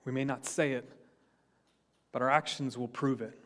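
A man's voice: steady tone, moderate pace, fairly bright tone. Earnest man preaching a sermon. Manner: earnest preaching, rising for emphasis then dropping low. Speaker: pastor.

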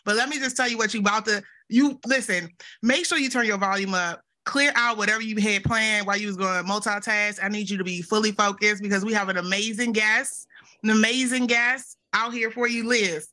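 A woman's voice: medium pitch, a little fast, pushed and bright. A woman co-hosting a podcast in casual chat, hyped and talking straight to her listeners. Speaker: podcast co-host.

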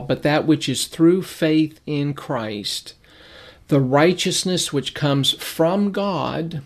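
A man teaching a Bible lesson from his notes, explaining Greek words and repeating key phrases for emphasis. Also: medium pitch. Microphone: reading from notes.

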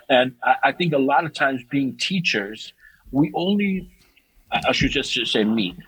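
Over poor audio comes the husky voice of a middle-aged man who teaches martial arts and is a guest on a podcast. He chats in a relaxed, animated way as a storyteller, often restarting sentences and lifting his pitch for emphasis.

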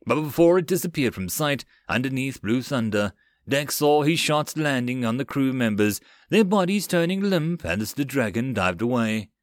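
This web novel audiobook is read by a male narrator who tells the story steadily at a normal speed and a medium pitch. The scripted narration sounds clean and studio-made, with a dry recording.

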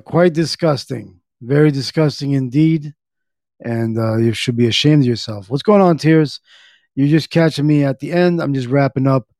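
A man's voice: mid-range voice, vocal fry, a little mellow, dry recording, studio quality. A man hosting a podcast in casual chat, rambling with lots of fillers and joking with his chat. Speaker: podcast host. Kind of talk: casual chat reading chat and articles.

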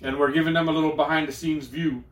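A man's voice: fairly high pitch, fairly even intonation, fast, reverberant, distant mic. A man co-hosting a casual comedy podcast, joking around and swearing freely as he plugs merch. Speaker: podcast co-host. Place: studio, also streaming live on a phone.

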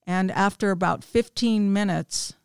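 A woman's voice: medium pitch, a little slow, creaky, clean tone, dry recording, studio quality. A woman in her fifties, a small group leader, candidly telling a personal faith story with self-deprecating humor. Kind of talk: personal testimony in casual chat.

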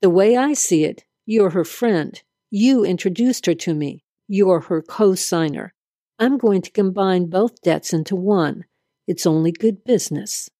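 A woman's voice: medium pitch, unhurried, mellow, no echo, close to an everyday voice. A woman voicing a male loan shark who turns from charming to bullying in a dry, close reading. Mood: smooth, persuasive. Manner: coaxing then threatening.

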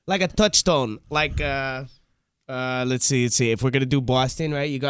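A man's voice: mid-range voice, steady tone, moderate pace, fairly bright tone, clean tone. A man in casual chat, joking and swearing among friends.

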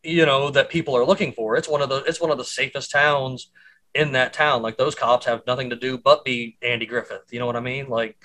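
Bright-voiced podcast host, emphatic. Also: male voice, mid-range voice, steady tone, fairly quick, low-quality recording. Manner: emphatic, swears casually. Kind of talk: casual chat.

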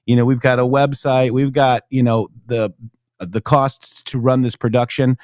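A man hosting a casual political talk show, reading news aloud in a high, animated voice and dropping low and mumbly when thanking viewers. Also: moderate pace, dry recording, studio quality. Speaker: show host.

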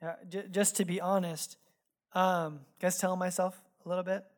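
A man preaching a sermon, telling stories from his own life in a casual, animated way full of "like" asides. He drops into hushed, earnest tones when he turns reflective. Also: high-pitched, moderate pace. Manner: casual, animated, filler-heavy delivery. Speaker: pastor. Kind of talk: sermon with personal storytelling. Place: church sanctuary.

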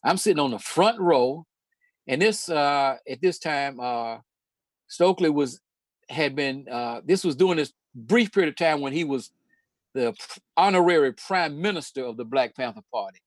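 An older man hosts a relaxed talk, looping back through stories with restarts and easy laughter. His voice sits a little high for a man. The sound is dry and close. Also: normal speed, no room sound. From Charlotte, North Carolina, USA. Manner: storytelling, hesitant with many restarts, laughs often. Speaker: host. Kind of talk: casual history talk.

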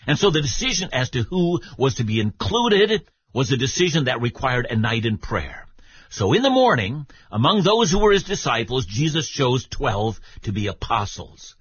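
A man giving a Bible teaching for radio, explaining in a measured way and speaking directly to his listener. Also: medium pitch, big pitch swings, fairly bright tone, husky, no echo, highs cut off.

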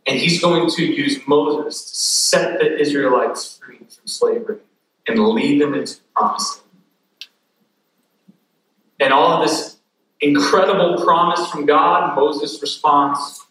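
Male pastor, sermon, bright clear tone, energetic and interactive, joking asides, echoey hall, heard from far off. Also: fairly high pitch, slow pace, slight background noise.

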